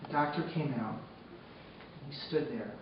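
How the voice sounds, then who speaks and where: A man telling a personal story on stage, moving between hushed, sombre narration and loud, excited retelling. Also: medium pitch, a little slow. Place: arts center stage before a live audience. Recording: echoey hall from far off, dull and noisy.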